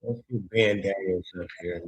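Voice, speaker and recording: A man hosting a casual live stream, animated, swearing and talking back to his chat. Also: low-pitched, moderate pace. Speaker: show host.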